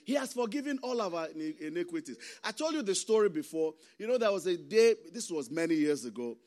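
A man, a pastor preaching a sermon with impassioned swings between loud emphasis and hushed asides. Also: high voice, very animated, fast. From Nigeria.

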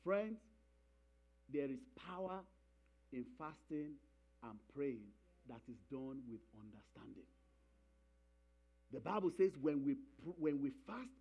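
Emphatic high-voiced male preacher, dull recording. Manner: emphatic, repeats key phrases, calls for congregation responses. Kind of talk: sermon.

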